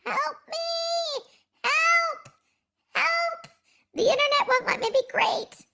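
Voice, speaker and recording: A woman putting on a dramatic, shrill voice wailing for help as a joke. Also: takes it slowly, gravelly, pushed and bright, heavily acted. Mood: mock despair. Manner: shrill mock-desperate wailing.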